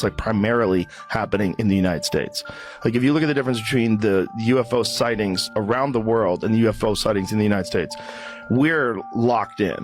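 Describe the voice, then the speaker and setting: A man in a podcast conversation, explaining his thinking at length. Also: on the low side.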